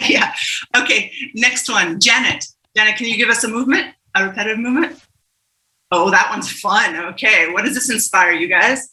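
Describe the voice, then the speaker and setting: Very bright-voiced woman hosting a zoom game, playful, laughs a lot, echoey room. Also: medium pitch, normal speed. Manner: playful, laughs often, calls on people by name. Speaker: facilitator leading a warm-up game. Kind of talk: upbeat group facilitation on a video call. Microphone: video call.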